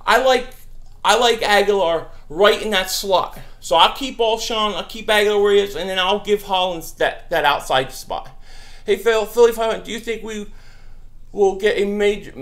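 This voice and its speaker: A young man hosting a casual live-stream Q&A, answering viewer questions about football in a brash, animated way. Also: high-pitched. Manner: animated, brash, mocks trolls.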